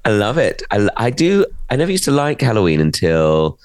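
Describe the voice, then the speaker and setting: A man's voice: lowish voice, sing-song, fairly quick, darkish tone, dry recording, studio quality. A man with a Mancunian accent, co-hosting a podcast in playful, teasing banter. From Manchester, England. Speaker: podcast co-host. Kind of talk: casual chat.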